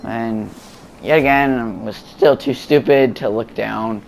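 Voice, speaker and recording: A man talks over his gameplay footage in a loose, rambling way, stopping for fillers and restarting his sentences. His voice sits at an ordinary middle pitch. A faint hum of room ambience sits behind him at home. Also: slow, creaky. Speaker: gameplay commentator.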